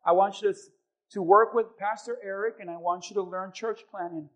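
A man, a pastor, preaching a sermon and telling personal stories, acting out the quoted voices with lively swings in loudness. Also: sits high, brisk. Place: church.

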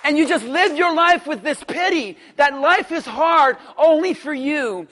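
A male pastor with a very high voice delivers an emphatic sermon, repeating phrases for stress and rising from hushed talk to shouts. His voice rings out with a long reverb from the church hall. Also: animated, measured pace. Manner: emphatic preaching that swings from quiet to shouted.

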